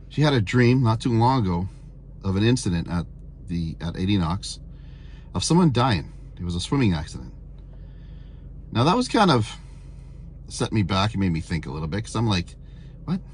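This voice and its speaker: A man in his fifties with a lowish voice shares his testimonies in an earnest, rambling vlog. He circles back and repeats himself, filling gaps with lots of "uh"s and "you know"s. A faint hum sits behind him. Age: 50s. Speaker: vlogger sharing testimonies.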